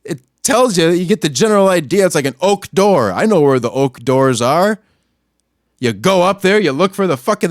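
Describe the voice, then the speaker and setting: High-voiced man on a profane rant. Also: dry recording, clean studio sound. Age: adult, not much older than a young store clerk. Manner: angry, crude, swings between muttering and yelling. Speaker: podcast host. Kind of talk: profane ranting monologue.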